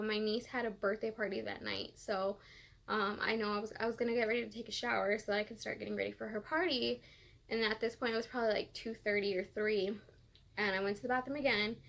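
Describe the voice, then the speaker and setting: A woman's voice: mid-range voice, a bit bright. A woman vlogger telling a personal story in a rambling way with many fillers, close to tears. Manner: rambling, filler-heavy, emotional. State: tearful, close to crying.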